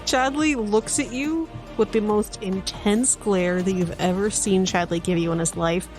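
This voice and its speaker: A woman's voice: mid-range voice, fairly even intonation, a little slow, darkish tone. A woman narrating a tabletop role-playing game as game master, describing scenes casually, with music playing behind.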